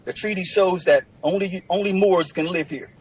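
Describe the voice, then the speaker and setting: A man's voice: sits high, moderate pace, breathy edge, dull audio. A man representing himself in a courtroom, lecturing and arguing combatively with the judge. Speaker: self-represented litigant in court. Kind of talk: courtroom argument.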